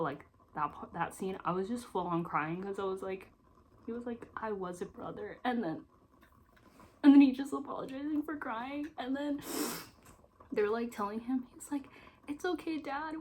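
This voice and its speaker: A woman's voice: medium pitch, slight background noise, rough recording. A young adult woman giving a casual spoken film review, emotional and gushing, with lots of "like" fillers. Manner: emotional and gushing, with heavy use of "like".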